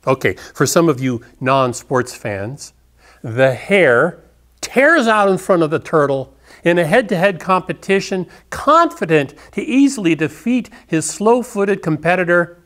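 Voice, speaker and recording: A man in his pastor's role, preaching a sermon with a slightly high voice. He talks conversationally, building his point through everyday stories. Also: animated, unhurried, fairly bright tone.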